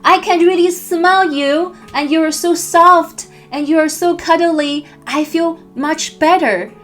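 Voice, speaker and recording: Woman putting on a childlike stuffed toy, sweet, cooing, high-pitched, soft music behind. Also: slow pace, full character voice. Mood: comforted.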